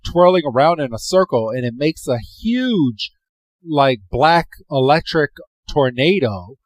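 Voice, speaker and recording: A man's voice: medium pitch, no echo. A man hosting a podcast, casually recapping a cartoon episode in a loose, slangy storytelling way, acting out the characters' quotes. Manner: animated storyteller, acts out quotes, frequent "he's like"; loose and slangy, many "um" fillers. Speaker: podcast host.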